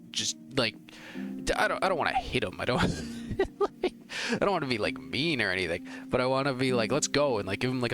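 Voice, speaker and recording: A young man giving emotional, rambling gameplay commentary, arguing with the characters on screen. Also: mid-range voice. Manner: rambling, heated, talks to the screen. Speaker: let's play gamer. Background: game music.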